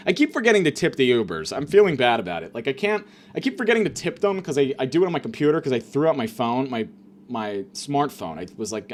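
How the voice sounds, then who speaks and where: A man's voice: medium pitch, big pitch swings, fast talker, a little hiss or hum. A man hosting a comedic monologue, ranting in a rambling, profane way, full of fillers and restarts. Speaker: comedian host.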